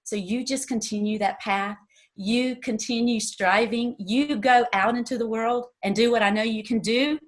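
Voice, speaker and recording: An older woman with a Southern US accent speaks as a teacher paying tribute to a student. Her delivery is emotional and halting, and she sounds close to tears. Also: fairly high pitch. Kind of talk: heartfelt tribute speech.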